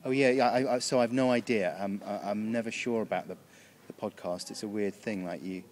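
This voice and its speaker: A man's voice: fairly low pitch, fairly even intonation, brisk, darkish tone, a little hiss or hum. A British man answering interview questions backstage in a casual, rambling way, often restarting his sentences. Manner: rambling, self-interrupting, chuckling. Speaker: comedian interviewee. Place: backstage room.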